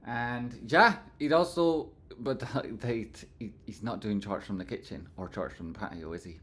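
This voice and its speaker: A man's voice: mid-range voice, expressive, normal speed, fairly bright tone. Chatty man hosting a live stream. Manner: chatty, reads out and thanks chat viewers; playful, breaks into sung silly phrases. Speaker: livestream host. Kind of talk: casual live stream chat.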